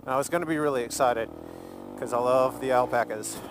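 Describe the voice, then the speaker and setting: A man's voice: mid-range voice, brisk, creaky, background noise. Chatty man vlogging from his car. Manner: chatty, rambling, jokey, laughs easily. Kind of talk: casual rambling vlog while driving. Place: in a car, driving.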